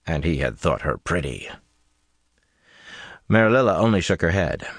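A man with a very deep voice narrates a fantasy novel, his intonation swinging widely. His reading is measured and expressive. The recording is dry and close. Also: breathy edge, dry recording. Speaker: audiobook narrator. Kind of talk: scripted narration.

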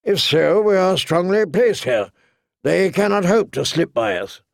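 A man playing a gruff old military commander who gives brusque, decisive orders. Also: high voice, expressive, a little slow, no room sound, studio quality, voice pushed up, exaggerated voice. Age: older.

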